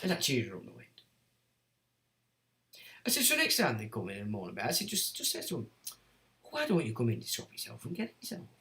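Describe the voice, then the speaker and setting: A man's voice: medium pitch, huge pitch swings, a little fast, pauses often, bright, forceful tone, echoey room. A man hosting a livestream, reading chat comments and ranting in a blunt, sweary, sardonic way. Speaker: livestream host.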